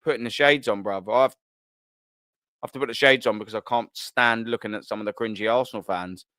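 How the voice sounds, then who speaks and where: A man's voice: fairly low pitch, brisk, pushed and bright, no echo. A man in his thirties with a London accent, hosting a live stream and chatting casually with his viewers, full of slang and easy laughter. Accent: London English. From England. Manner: laid-back banter full of slang, laughs easily. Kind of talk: casual live chat reading comments.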